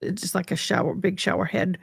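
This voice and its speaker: A woman's voice: lowish voice, level tone, brisk, vocal fry, slightly rough, dry recording, studio quality. A woman from Tennessee with a mild Southern accent, hosting a casual livestream chat with viewers in a rambling, talkative way and now and then slipping into playful put-on accents. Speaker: livestream host.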